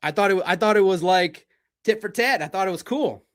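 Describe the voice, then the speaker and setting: A man's voice: sits high, brisk. A man from Detroit hosting a livestream sports podcast, talking in a blunt, combative and profane way. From Detroit, United States.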